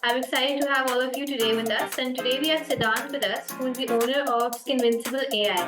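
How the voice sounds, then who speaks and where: A woman's voice: sits high, fairly even intonation, fast. A woman hosting a podcast interview, reading an upbeat welcome and then asking casual questions. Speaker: podcast host. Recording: echoey room with faint music.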